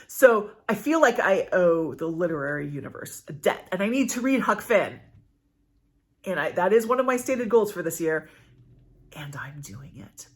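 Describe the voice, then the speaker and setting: A woman's voice: on the low side, very animated, moderate pace. A middle-aged woman hosting a casual book vlog, chatting in a rambling way with many fillers and self-corrections. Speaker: book channel host. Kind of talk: casual reading update vlog.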